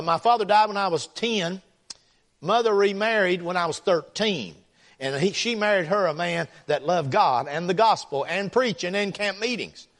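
A man's voice: high-pitched, fairly bright tone. A middle-aged man, a guest preacher who prays and tells folksy stories in a sermon. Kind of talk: sermon with prayer and storytelling.

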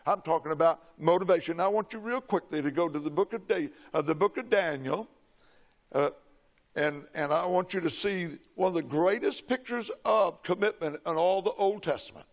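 A man's voice: high-pitched, moderate pace. An older man, preaching a sermon and telling a personal story in a folksy, dramatic way. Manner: folksy, dramatic storytelling, shouting quoted lines.

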